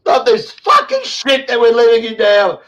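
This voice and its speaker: A man's voice: very high voice, wildly swooping pitch, moderate pace, a bit bright, highs cut off. An Australian man in his sixties hosting an impassioned online chat, emotional, swearing heavily and rambling with restarts. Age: 60s. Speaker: show host.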